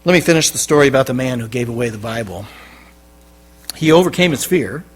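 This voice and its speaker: A man's voice: mid-range voice, animated, brisk. Emphatic male pastor preaching. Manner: emphatic, swinging between loud stresses and quiet drops. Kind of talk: sermon. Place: church.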